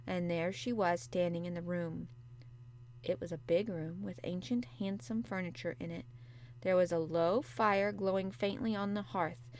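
A woman narrating a classic storybook in a measured, gentle, unhurried way. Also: medium pitch, a little hiss or hum. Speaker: audiobook narrator. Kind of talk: storybook reading.

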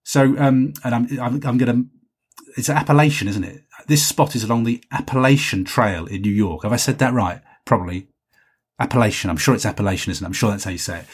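A man's voice: medium pitch, fairly quick, slightly rough. A man hosting a solo podcast, chatting in a rambling, self-deprecating way as he reads out listener messages. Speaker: podcast host.

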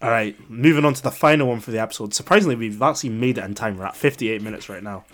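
Young man, podcast co-host, easygoing banter, mid pitch. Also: racing, fairly bright tone. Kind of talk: casual chat.

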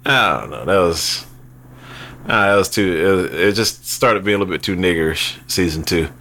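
Bezpośredni mężczyzna o jasnym, ostrym głosie. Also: male voice, sits low, normal speed. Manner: blunt, profane, animated. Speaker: podcast co-host. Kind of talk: casual chat. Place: kitchen.

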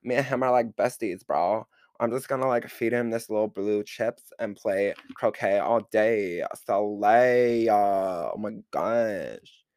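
A man doing a playful impression of a bubbly female pop star who gushes in drawn-out slang. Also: lowish voice, a little mellow, clear, resonant tone, dry recording, clean studio sound. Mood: gushing. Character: gushing valley-girl woman pop star.

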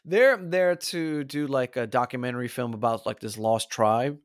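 Animated man chatting about movies. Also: mid-range voice, moderate pace, no echo, clean studio sound. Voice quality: animated, does goofy impressions of actors. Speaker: podcast co-host. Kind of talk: casual movie chat.

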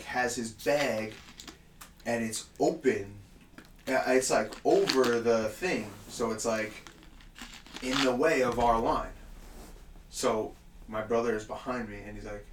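A man's voice: mid-range voice, recorded from a distance. A man in casual chat, telling a story with lots of swearing and laughter. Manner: animated storyteller, swears often, laughs a lot. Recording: roomy echo, somewhat off-mic, faint room noise.

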